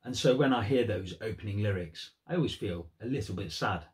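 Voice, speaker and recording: A man's voice: on the low side, animated, a little fast. A man giving earnest, thoughtful commentary on song lyrics in a vlog. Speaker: music vlogger.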